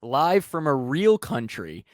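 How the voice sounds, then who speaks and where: A man's voice: mid-range voice, very animated, slow pace, very noisy. A young man co-hosting a casual podcast, brash and profane, laughing often. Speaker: podcast co-host.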